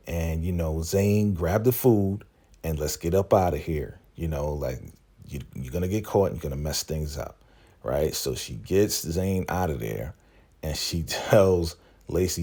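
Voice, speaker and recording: A man's voice: rumbling low, normal speed, a little mellow, slightly rough. A man hosting a casual TV episode recap, talking in slang and acting out the characters' lines. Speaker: host.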